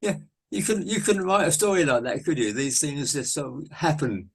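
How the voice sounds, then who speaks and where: A man interviewing on a video call, reacting warmly and encouragingly. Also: a little high, lively intonation, normal speed, vocal fry, slightly rough.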